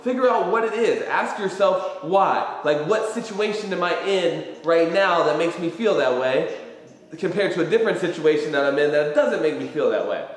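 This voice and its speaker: A man's voice: on the high side, animated, moderate pace. Rambling man in a very echoey room. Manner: rambling, filler-heavy, swears freely. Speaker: motivational vlogger. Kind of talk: casual livestream pep talk. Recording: very echoey room with long reverb.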